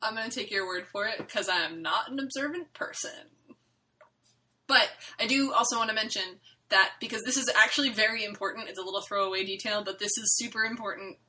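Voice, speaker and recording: A podcast co-host with a medium-pitched voice talks fairly quickly about a webcomic, casual, animated, and emphatic, using many fillers. The low-quality recording carries a slight hiss or hum.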